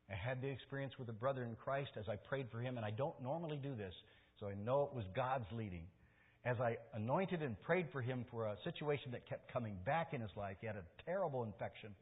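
Older male pastor preaching, husky. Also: medium pitch. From Michigan, US. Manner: storytelling preacher, earnest, rising to emphatic stresses. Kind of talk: sermon with personal stories. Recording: tinny sermon recording in a reverberant hall.

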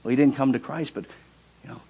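Husky-voiced man preaching his testimony. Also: fairly even intonation, fast talker, muffled recording. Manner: voice leaps high and loud when reenacting pleas, drops low and quiet in narration. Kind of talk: emotional sermon testimony.

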